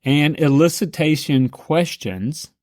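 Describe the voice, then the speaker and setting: A man's voice: on the high side, slow, no echo. Dry-voiced man telling sales stories. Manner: animated, shifts into quoted voices. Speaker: sales coach. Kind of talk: casual storytelling monologue.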